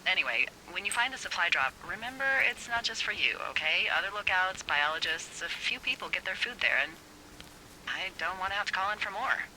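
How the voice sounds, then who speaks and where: A breathy, teasing lookout boss. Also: female voice, fairly low pitch, animated, a little fast, sharp tone, a little hiss or hum, poor audio. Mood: joking. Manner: playful, teasing banter. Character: teasing, witty woman fire lookout boss on a radio. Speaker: video game character.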